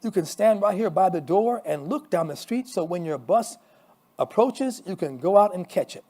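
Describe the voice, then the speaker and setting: An earnest middle-aged pastor voiced by a male storyteller talks in a fairly high, lively voice. He hesitates and fills with little words, then insists warmly, the pitch moving a lot. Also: moderate pace. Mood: insistent. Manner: hesitant, chatty, with fillers.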